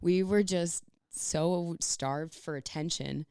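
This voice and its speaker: A woman's voice: lowish voice, takes it slowly, dark tone, clean tone, no echo, clean studio sound. A young woman co-hosting a podcast, telling rambling stories with lots of giggles and "like" fillers. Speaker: podcast co-host. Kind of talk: casual chat.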